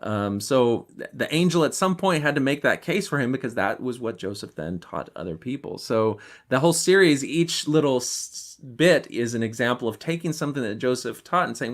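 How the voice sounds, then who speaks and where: A man's voice: medium pitch, animated, normal speed, hardly any pauses. A man hosting a podcast and commenting in a casual, critical tone, with the odd um along the way. His voice sits in a mid range. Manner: conversational and critical, with ums and throat-clearing. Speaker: podcast host.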